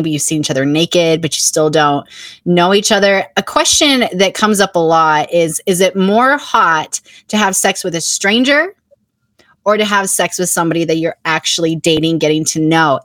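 A woman's voice: on the low side, fairly bright tone, dry recording. A woman co-hosting a podcast in frank, casual chat, blunt and swearing freely. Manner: blunt and candid, swears freely, acts out quotes. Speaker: podcast co-host.

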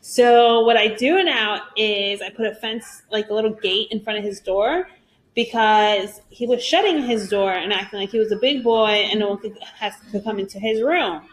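A young woman, a mother, telling loud animated stories about her week in casual chat and laughing often as a podcast co-host. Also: medium pitch, moderate pace.

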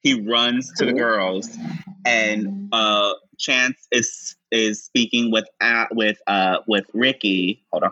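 A man talks through a TV scene at a slow, halting pace, full of "um" and "uh". His voice is bright and forward, and the sound is dry and a little dull. He often jumps up in pitch to quote the characters. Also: steady tone, no room sound. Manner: slow, halting recap with frequent fillers and high-pitched quoted lines. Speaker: podcast co-host recapping a show. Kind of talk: casual chat, acting out scene dialogue.

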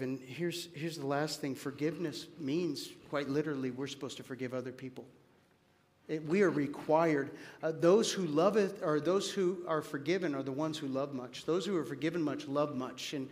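A pastor, a man, delivering a sermon in a notably high voice. He tells stories with energy, acting out quoted lines, then drops low and earnest to press his point home. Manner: animated storytelling, acts out quoted voices; drops to quiet, earnest tone for application.

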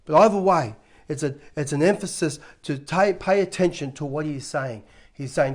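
A man's voice: fairly high pitch, moderate pace, a little mellow. A man, a pastor preaching a sermon in a conversational way with frequent restarts.

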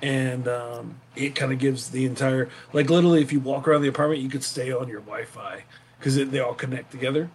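A man with a middle-pitched voice hosts a casual chat, talking loosely and hesitating often. A faint hiss of background noise sits under his voice. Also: brisk. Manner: loose, hesitant, full of fillers. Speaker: host.

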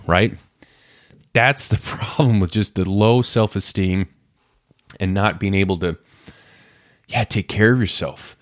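Guy in his 30s talking through his own struggles, kinda low voice, super dry close sound. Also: normal speed, no room sound. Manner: candid, self-searching, acts out inner voices. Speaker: podcast host. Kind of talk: personal reflective monologue.

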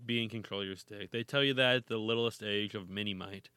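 A man's voice: on the low side, steady tone, quick pace, pushed and bright, smooth, no room sound. A man co-hosting a casual hockey chat, reading news items and swearing freely. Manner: laid-back, swears casually, laughs often. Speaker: hockey podcast co-host.

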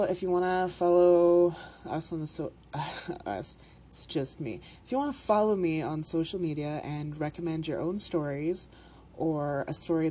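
Canadian woman host, slight Minnesotan lilt, low mellow voice, chatty and laughing, faint hiss behind. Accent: Canadian, with a put-on Minnesotan lilt. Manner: rambling, laughing, swearing often. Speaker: podcast host. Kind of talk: casual podcast intro chat.

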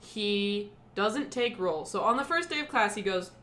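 A woman's voice: mid-range voice, lively intonation, unhurried, sharp tone, slight background noise. Wry young woman telling stories. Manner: wry storyteller, dry understatement. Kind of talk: casual chat among friends.

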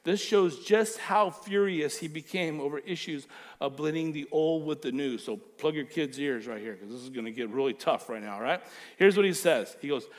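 A man with a fairly high speaking voice delivers a sermon. He preaches with animated emphasis, leaning hard into key phrases and often slipping into lively acted-out quotes. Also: normal speed. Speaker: pastor.

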